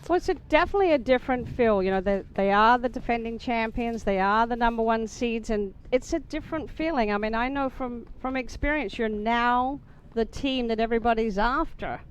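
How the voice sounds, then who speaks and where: A woman's voice: a little high, fairly quick, few pauses, a little hiss or hum. A woman giving chatty, emphatic sports commentary as a former player. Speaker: color commentator.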